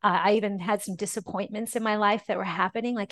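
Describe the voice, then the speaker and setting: A woman's voice: mid-range voice, steady tone. A middle-aged woman, a podcast guest, telling her faith story in an earnest, emotional way. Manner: earnest and emotional, often slowing down and softening. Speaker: podcast guest, ministry founder. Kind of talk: personal testimony in a podcast interview.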